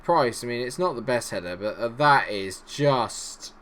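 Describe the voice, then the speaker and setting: Excitable man, lively pitch. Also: unhurried. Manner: excitable, jokey, talks to players on screen. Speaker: gaming YouTuber. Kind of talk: let's-play commentary.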